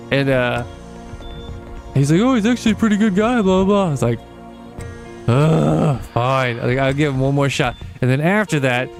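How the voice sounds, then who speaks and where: Rambling young man telling stories while gaming. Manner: rambling storyteller, swears casually, quick pitch jumps when quoting people. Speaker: gaming channel host. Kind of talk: casual let's-play chat while gaming.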